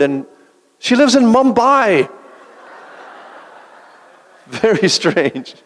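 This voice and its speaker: Deadpan stand-up comic man in a hall. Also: high-pitched, takes it slowly, pauses often. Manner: deadpan one-liners with dry asides. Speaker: stand-up comedian. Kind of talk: stand-up comedy set. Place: large event hall. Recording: long hall reverb.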